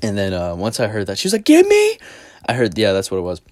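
A man's voice: fairly low pitch, racing, dry recording, studio quality. A man hosting a podcast, telling a rambling, profanity-laced story in a casual, amused way. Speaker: podcast host.

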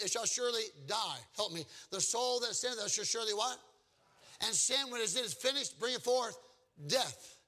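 Bright, high-voiced preacher. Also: male voice. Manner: folksy storytelling preacher, questions the congregation. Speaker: pastor. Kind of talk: evangelistic sermon with audience call-and-response.

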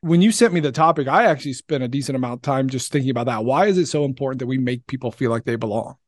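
A man's voice: medium pitch, racing, no room sound. Upbeat male podcast host, dry sound. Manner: upbeat, friendly banter. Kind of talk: casual podcast conversation.

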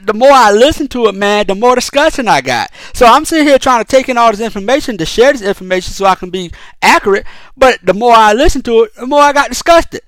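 A man's voice: extremely high pitch, expressive, fast talker, fairly bright tone, dry recording. A man hosting a solo podcast, talking in a heated, profane, rambling way with lots of restarts. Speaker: podcast host. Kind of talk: casual solo podcast commentary.

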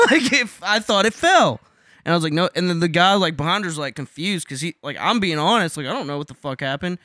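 A man's voice: high voice, animated, a little fast, sharp tone, dry recording, clean studio sound. A young man telling a wild party story in casual chat. He swears a lot, laughs often and talks animatedly.

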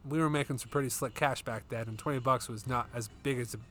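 Bright-voiced man telling rambling stories. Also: medium pitch, fairly even intonation, fast talker. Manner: rambling, profane storyteller. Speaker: podcast host. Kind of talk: casual chat about a movie and stories.

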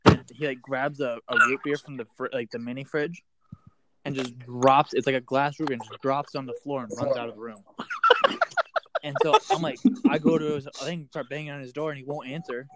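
A young man in a casual chat with friends, excitedly telling an anecdote and laughing. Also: medium pitch, brisk. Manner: loud, laughing, excited retelling. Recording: call audio with clear background noise.

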